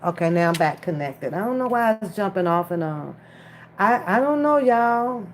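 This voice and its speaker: A woman's voice: mid-range voice, expressive, normal speed, slight background noise. A woman chatting casually on a live stream from her phone, talking straight to the viewers in chat. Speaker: livestream commentator.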